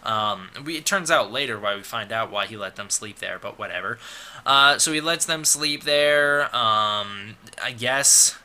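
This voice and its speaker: A man's voice: lowish voice, a little slow, pushed and bright, clean tone. A man recapping a monster movie in a casual review, rambling and sarcastic, with lots of fillers and restarts.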